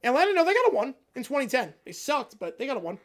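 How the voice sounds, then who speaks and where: Excitable man ranting on a live stream. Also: fast talker. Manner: excitable, answers chat questions, swings from loud rants to low mumbles. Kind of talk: casual live reaction chat.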